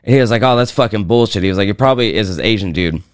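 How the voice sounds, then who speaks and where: A man's voice: fairly low pitch, racing, clean tone, dry recording, clean studio sound. A man co-hosting a podcast, telling a profane story with lots of energy in casual chat. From Kansas, USA. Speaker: podcast co-host.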